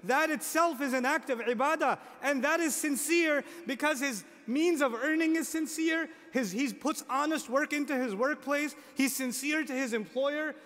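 A man with an extremely high, slightly bright voice preaches a sermon to an audience under long hall reverb. He's emphatic, repeats key phrases, asks rhetorical questions, and tosses in joking asides.

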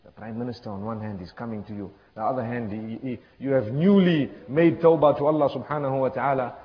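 A man with a mid-range voice delivers an impassioned, repetitive storytelling sermon at a fairly quick pace, dropping in religious phrases. The sound is lo-fi and dull, with the echo of a hall.

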